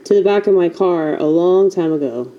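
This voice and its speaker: Blunt, low-voiced woman vlogging. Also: lively intonation, moderate pace, muffled recording. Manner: blunt, frank and a little profane; emotional and self-mocking. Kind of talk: candid casual talk to camera.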